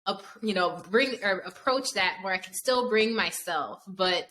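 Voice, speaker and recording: Slow-talking bright-voiced woman host. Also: medium pitch. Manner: candid, laughs easily, quick affirmations. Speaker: podcast host. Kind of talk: casual podcast chat.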